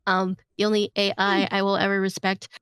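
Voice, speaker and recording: A woman's voice: medium pitch, completely flat delivery, brisk, over a noisy crowd. A woman co-hosting a podcast, explaining in an easygoing, fond way. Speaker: podcast co-host. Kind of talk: casual chat.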